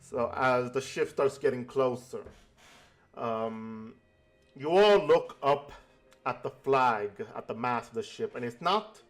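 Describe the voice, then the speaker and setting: A man narrating a tabletop game as game master in slow, halting sentences. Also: mid-range voice, fairly bright tone.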